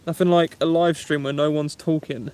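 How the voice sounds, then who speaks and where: A friendly young man with an Essex English accent talks casually on a live stream, greeting viewers by name. His voice sits a touch high for a man. He speaks outdoors from a woodland campsite. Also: steady tone, normal speed, a little mellow, a little hiss or hum. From England. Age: 20s. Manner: chatty, friendly, reads viewer names aloud. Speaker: vlogger. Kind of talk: live-stream chat, reading comments.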